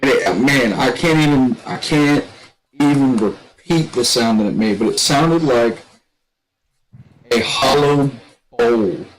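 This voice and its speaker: A man telling a long story in casual chat. He rambles and restarts a lot, and shouts when he quotes other people. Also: mid-range voice, animated, takes it slowly, rough recording. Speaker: gaming streamer telling a story.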